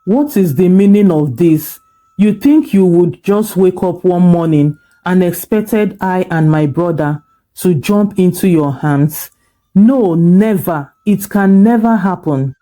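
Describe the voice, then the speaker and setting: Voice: medium pitch, animated, slow. A storyteller voicing an angry, defiant teenage girl who hurls accusations. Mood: furious. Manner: shouting accusations. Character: furious teenage girl, sharp-tongued and defiant.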